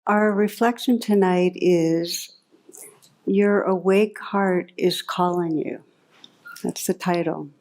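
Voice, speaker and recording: A woman's voice: lowish voice, slow pace. Woman meditation teacher telling a story. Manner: warm storytelling, lively when recounting anecdotes. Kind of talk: dharma talk to a live audience.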